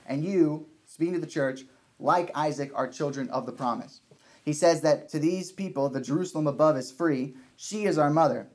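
A man's voice: fairly high pitch, a little mellow. A man preaching a sermon, earnest, often restarting and repeating his points for emphasis.

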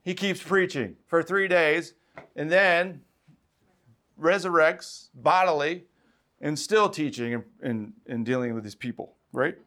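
A man's voice: on the high side, a little slow, sharp tone. A man preaching a sermon as a pastor, building to emphatic calls and acting out quoted voices. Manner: impassioned, rising to emphatic calls.

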